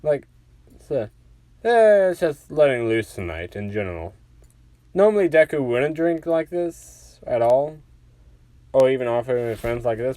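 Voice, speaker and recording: A man's voice: medium pitch, expressive, a little slow, a little mellow, dry recording. A man casually narrating a fan-fiction story in a rambling way, full of "like" fillers.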